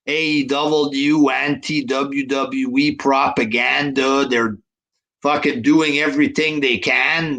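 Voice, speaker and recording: A man's voice: mid-range voice, creaky, a bit bright. A man hosting a podcast, grumbling in a profane, dismissive way. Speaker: podcast host. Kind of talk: casual podcast rant.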